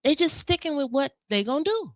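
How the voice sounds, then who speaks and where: A woman's voice: high voice, very animated, fairly quick, dry recording, studio quality. A middle-aged woman, co-hosting a casual political chat, emphatic and opinionated, repeating lines for stress. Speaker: co-host.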